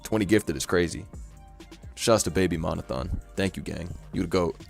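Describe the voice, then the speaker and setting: A man's voice: deep voice, moderate pace, vocal fry, faint music behind. A young man streaming casually, talking in loose slang and laughing often. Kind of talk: casual live-stream chat.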